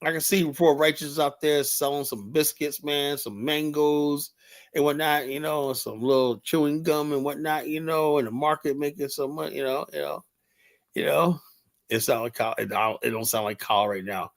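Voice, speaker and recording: A man's voice: a little high, fairly even intonation, moderate pace. A man hosting a livestream show, talking bluntly and rambling, with lots of "you know". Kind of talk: casual livestream commentary.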